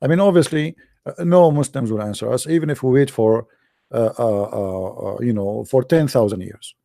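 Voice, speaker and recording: A man hosting a call-in show alone, taunting absent callers in broken English and sing-song repetition, often clearing his throat. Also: mid-range voice, moderate pace, warm tone, no echo, clean studio sound. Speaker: host of a call-in religious debate show. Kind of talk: live call-in show monologue.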